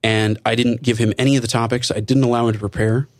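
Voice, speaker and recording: A man hosting a casual podcast chat, talkative and relaxed, with wry asides. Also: medium pitch, quick pace, no echo, clean studio sound. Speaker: podcast host.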